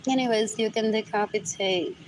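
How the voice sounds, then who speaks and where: A woman of medium pitch and moderate pace talks on her own during a livestream, captured in a rough recording with a little hiss or hum. Her speech rambles and mutters, repeats, and switches language partway through sentences.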